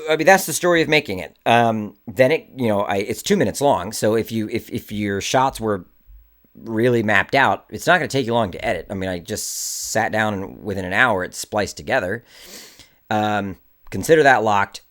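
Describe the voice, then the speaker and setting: A man, an indie filmmaker, telling a story to camera in a casual, animated way. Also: on the low side. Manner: animated, acts out the people in his story.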